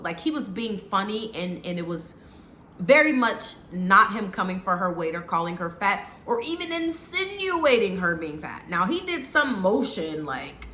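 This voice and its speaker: A woman's voice: mid-range voice, very animated, unhurried, sharp tone. A woman giving a casual, opinionated recap of a reality show, talking bluntly and with animation. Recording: echoey room with faint noise.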